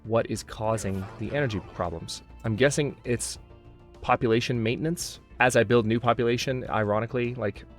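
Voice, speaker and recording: A man's voice: medium pitch, moderate pace, soft background music. A man hosting a gameplay video, commenting as he plays and growing exasperated, talking to himself. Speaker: let's play host.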